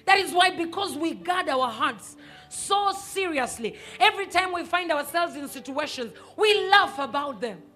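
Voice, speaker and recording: A woman pastor, preaching a sermon emphatically and sometimes rising to a shout. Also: high-pitched, lively intonation, moderate pace, soft background music. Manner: emphatic, rises to shouts and acts out quoted voices.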